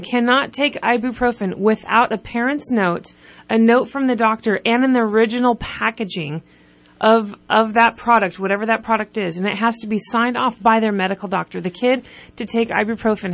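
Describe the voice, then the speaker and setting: Gravelly-voiced woman, earnest guest. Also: fairly high pitch. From California. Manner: earnest, builds emphasis when listing points. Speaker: guest, nonprofit representative. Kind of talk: radio talk interview.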